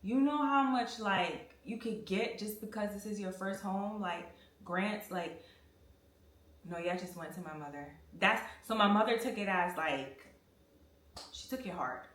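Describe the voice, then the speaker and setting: A woman's voice: mid-range voice, unhurried. A young woman telling a personal story in a candid, slangy way while she cleans her bathroom. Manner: candid, slangy, animated retelling. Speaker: vlogger. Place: home bathroom. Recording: echoey bathroom, mic at a distance.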